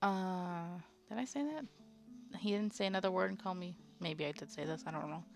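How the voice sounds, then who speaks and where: A woman's voice: lowish voice, moderate pace, creaky. A woman streaming a visual novel playthrough, reading the game's text aloud and chatting playfully with her viewers. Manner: chatty, playful, reacts to chat. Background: faint game music.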